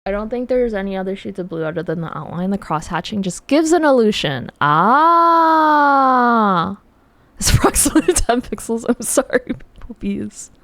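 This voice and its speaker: Excitable young woman streaming art. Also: medium pitch, fast talker, few pauses, dry recording. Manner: chatty, excitable, repeats herself, laughs often. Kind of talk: casual livestream chat while drawing.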